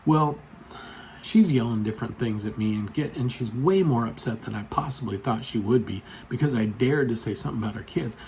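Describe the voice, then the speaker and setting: Vlogger, male, mid pitch, rambling casual storyteller, gets worked up and loud. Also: a little fast, a little hiss or hum, poor audio. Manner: chatty, rambling, with frequent fillers; gets loud and excited when telling the story.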